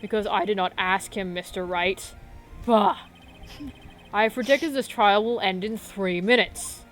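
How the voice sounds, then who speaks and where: A woman's voice: mid-range voice, measured pace, faint music behind, lightly acted. A scornful, imperious older prosecutor, as a woman puts him on for a game playthrough. He barks short, commanding lines and takes his time between them. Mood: haughty. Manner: loud, curt, commanding.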